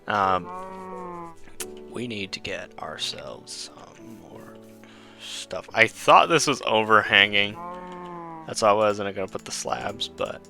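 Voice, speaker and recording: Gravelly-voiced man rambling over gameplay. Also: fairly low pitch, big pitch swings, slow pace, pauses often, over music. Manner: rambling, self-correcting, talks to viewers. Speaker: gaming channel host. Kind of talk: casual gameplay commentary.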